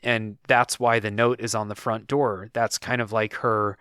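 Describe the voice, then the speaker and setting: In a slightly slow, lowish, clean voice, the podcast host casually narrates a game's storyline, his relaxed storytelling thick with fillers and "like." The audio is clean studio sound without echo.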